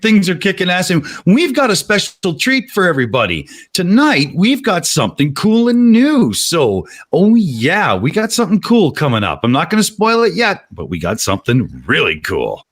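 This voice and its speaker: Breathless man, lively and swearing. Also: high-pitched, normal speed, hardly any pauses. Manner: swearing, rambling. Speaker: show producer. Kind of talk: casual online panel chat.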